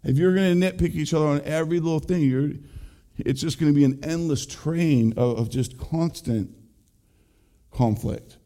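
A man's voice: a little high, moderate pace, warm tone. A middle-aged man, a pastor, giving a conversational, earnest sermon and speaking straight to his listeners. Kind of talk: sermon on marriage.

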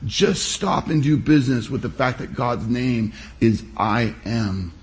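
Here a pastor delivers his sermon, a man with a mid-range voice who sounds animated. He preaches emphatically but measuredly, pausing on purpose.

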